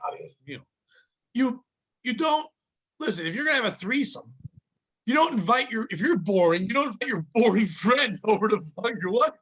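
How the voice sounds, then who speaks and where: High, bright-voiced profane podcast host. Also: male voice, fairly quick, breathy edge. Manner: profane, animated, ranting. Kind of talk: casual comedic podcast chat, ad read.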